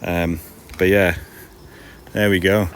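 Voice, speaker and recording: A man's voice: low voice, flat delivery, takes it slowly, smooth. A tired man in his forties, chatting casually and self-deprecatingly on a live stream while setting up a market stall in a glass-roofed old station. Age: 40s. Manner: rambling and self-deprecating, with frequent restarts. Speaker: card seller and livestream host.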